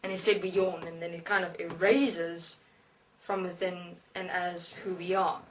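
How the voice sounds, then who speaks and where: A woman giving a spiritual lecture as a channeled being, speaking slowly and deliberately with halting pauses. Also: on the low side, little pitch movement, a little hiss or hum. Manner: slow, halting, deliberate instruction. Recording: voice distant from the mic.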